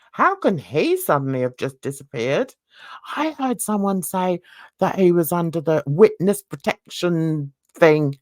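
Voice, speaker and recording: A woman's voice: medium pitch, dry recording, studio quality. A woman talking casually to her viewers in a chatty, rambling way, full of asides and questions to her audience. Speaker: YouTube commentator. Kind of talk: casual chat to camera.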